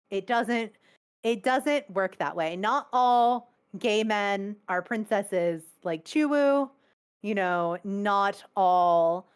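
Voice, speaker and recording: A young adult woman, a guest on a video call interview, telling stories in a blunt, animated way and swearing freely. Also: medium pitch, clear, resonant tone. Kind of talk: casual storytelling.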